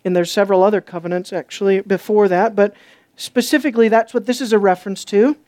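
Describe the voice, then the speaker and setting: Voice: fairly even intonation, quick pace, a little mellow, no room sound. Emphatic preacher, dry close sound. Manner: emphatic, asks the listeners questions; rises to urgent, high-pitched stress. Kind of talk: expository sermon.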